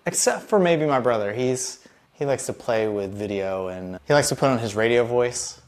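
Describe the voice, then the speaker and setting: A man hosting a podcast, talking in a relaxed, open and friendly way in casual conversation. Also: lowish voice, a little fast. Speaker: podcast host.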